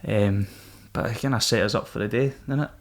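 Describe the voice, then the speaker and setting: A man's voice: fairly low pitch, a little fast. A Scottish man, a podcast guest, telling his story in a frank, casual way and swearing freely. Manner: frank, swears often, laughs things off. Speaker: podcast guest, former Royal Marine.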